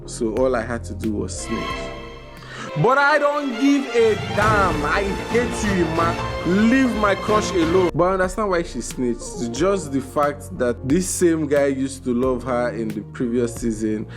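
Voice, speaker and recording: A young man doing a casual, joking review, animated, with bursts of loud exclamations. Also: fairly high pitch, measured pace, over music. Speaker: video reviewer.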